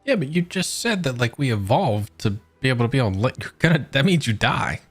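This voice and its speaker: A man's voice: medium pitch, sing-song, fairly quick, husky. A young man streaming a game playthrough, reading lines aloud and making sarcastic jokes. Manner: sarcastic, joking. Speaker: gaming streamer. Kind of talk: casual let's-play commentary. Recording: over game music.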